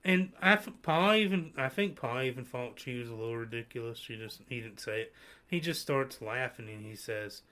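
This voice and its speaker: This podcast host, a man chatting casually, tells animated, meandering anecdotes full of false starts. He speaks at a middle pitch and an even, moderate tempo.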